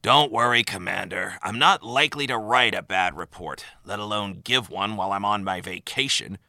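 A man voicing an exasperated male admiral who rants in a rising, high-pitched voice. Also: moderate pace, gravelly, pushed and bright, no echo, full character voice. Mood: reassuring. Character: exasperated male admiral ranting about vacation.

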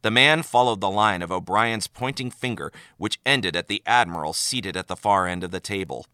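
A man narrating a story aloud in an expressive, animated way. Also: on the low side, moderate pace, clear, resonant tone, no echo, studio quality. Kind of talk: audiobook narration of fan fiction.

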